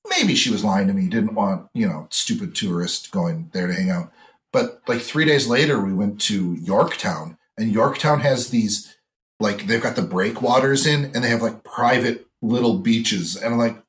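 A man's voice: medium pitch, normal speed. A man from Wisconsin with a mild Wisconsin accent, telling rambling stories full of fillers in casual podcast chat. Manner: rambling storyteller, many fillers. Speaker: podcast co-host.

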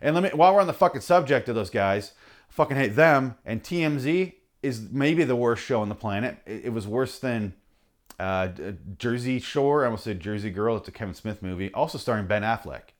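A man in a heated comic rant, sarcastic and profane, his anger boiling over into bursts of mockery. He jumps from grumbling to shouting and cuts in with quick mocking impressions. His pitch sits in a middling range. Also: expressive. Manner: angry, sarcastic, heavy swearing; mocking put-on voices in quotes. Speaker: podcast host reading his rants.

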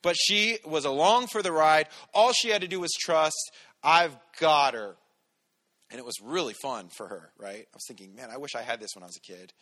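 A man, a pastor, giving a relaxed, conversational sermon with everyday stories. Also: on the high side, moderate pace. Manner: relaxed, storytelling, talks to the congregation directly.

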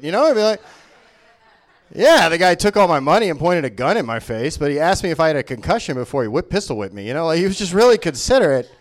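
A man does live stand-up into a handheld mic. He rambles with lots of energy and chuckles at his own jokes. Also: high-pitched. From Memphis, Tennessee. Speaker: stand-up comedian. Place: small comedy venue on stage.

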